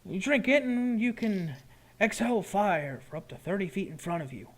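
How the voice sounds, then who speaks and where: A man's voice: sits high, very animated, normal speed, pitched above the performer's own voice. A man voicing a shrewd male potion brewer who sells his wares and haggles politely but firmly. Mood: boastful. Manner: bargaining, polite but firm.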